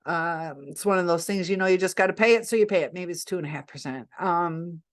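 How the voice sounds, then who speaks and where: A woman vlogger casually telling a story to camera, chatty and rambling, often pausing and correcting herself. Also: fairly low pitch. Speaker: vlogger recounting a scam attempt.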